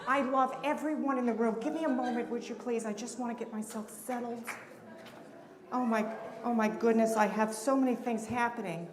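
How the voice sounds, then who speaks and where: At a temple event hall, a woman performs character comedy live, playing a therapist who rambles with many restarts in a flustered, effusive way. Her voice sits on the high side at a normal speed, carried by a handheld mic on stage. The hall sounds roomy, full of audience noise and laughter.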